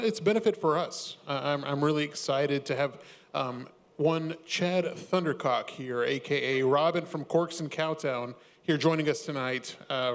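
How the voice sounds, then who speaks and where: A man co-hosting a live podcast, joking with restarts and stumbles. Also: mid-range voice. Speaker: podcast co-host. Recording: live venue with long reverb.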